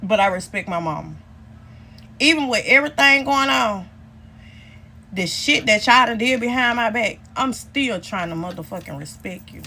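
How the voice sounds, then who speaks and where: A woman's voice: on the high side, lively intonation, normal speed, sharp tone, slight background noise. A woman, telling a story to her viewers in a profane, exasperated way and calling them y'all. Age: 30s. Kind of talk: casual storytime vlog.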